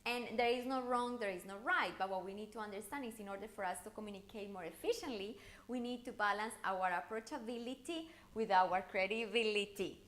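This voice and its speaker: A woman coaching viewers through an online challenge lesson, talking in an animated, encouraging way with intonation that rises and falls. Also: medium pitch, a little fast. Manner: encouraging, speaks straight to the viewer. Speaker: communication coach.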